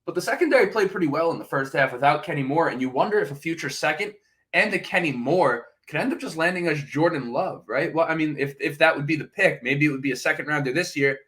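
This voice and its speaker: A man's voice: a little high, expressive, fast, fairly bright tone. A man hosting a podcast, giving casual fan commentary and thinking aloud, often hedging with "right?" and "uh". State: sipping coffee, brief cough. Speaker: podcast host.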